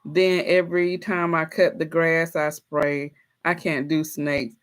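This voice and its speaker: Livestream host, woman, bright tone, lively storyteller who talks straight to her viewers. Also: on the low side. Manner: animated, playful storytelling with frequent laughter. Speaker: livestream host reading chat. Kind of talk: casual livestream chat.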